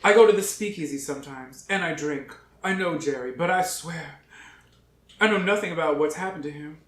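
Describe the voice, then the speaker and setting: A woman's voice: sits low, a little fast, lightly acted. A woman reading the part of a nervous female suspect who admits she lied, sounding flustered and pleading. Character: nervous woman confessing a lie. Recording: roomy echo.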